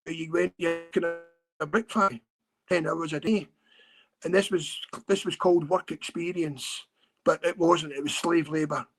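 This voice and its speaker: A man from Scotland, a guest on a podcast interview, telling his story earnestly with many halting repeats and restarts. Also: on the high side, steady tone, faint music behind.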